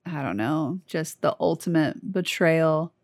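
A woman's voice: sits low, expressive, a little slow, dry recording, clean studio sound. A young woman co-hosting a casual chat, reacting with short blunt exclamations. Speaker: podcast co-host.

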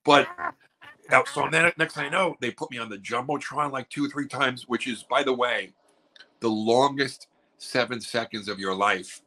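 Bright-voiced New comedian telling stories. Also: male voice, medium pitch, normal speed, poor audio. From New York. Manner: animated storyteller acting out other people's lines. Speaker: comedian guest. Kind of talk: casual podcast chat. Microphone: video call.

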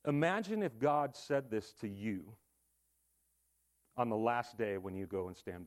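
A man's voice: mid-range voice, unhurried. A man preaching a sermon in a casual, conversational way, with asides and rhetorical questions. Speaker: pastor.

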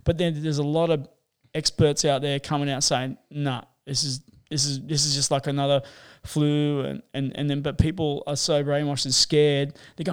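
A man's voice: a little high, fairly even intonation, normal speed, hardly any pauses, clean tone. A man telling rambling, sweary stories in a casual chat, full of fillers.

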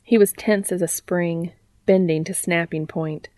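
A woman narrating a story in a calm, even reading voice. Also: on the low side, a little slow, no room sound. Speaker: fanfiction reader. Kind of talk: audiobook narration.

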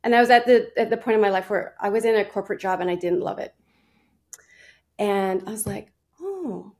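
A woman's voice: mid-range voice, fairly even intonation, a little fast, darkish tone. A woman in her forties, a fitness and nutrition coach, chatting as a podcast guest, with frequent laughs and restarts. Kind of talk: casual interview storytelling.

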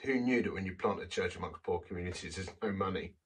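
A man's voice: low voice, quick pace, recorded from a distance, a little hiss or hum, poor audio. A man preaching a sermon, telling a personal story in a conversational, self-deprecating way.

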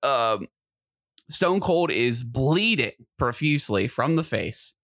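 Excitable guy co-hosting a podcast, rambly and fired up, dry close mic. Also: medium pitch, slow pace, no room sound. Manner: excitable, gets loud and animated when riled. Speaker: podcast co-host. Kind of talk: casual chat.

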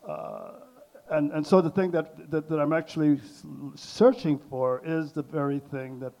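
An older man speaking on a panel, halting and full of restarts and fillers as he works through his thoughts. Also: on the high side, very animated, a little mellow. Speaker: artist on a panel. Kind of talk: hesitant panel talk.

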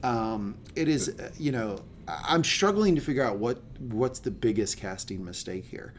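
A man's voice: medium pitch, expressive, normal speed, a little hiss or hum. A man co-hosting a casual film review podcast, blunt and opinionated, with many fillers. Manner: blunt, opinionated, lots of fillers and laughing asides. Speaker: podcast co-host.

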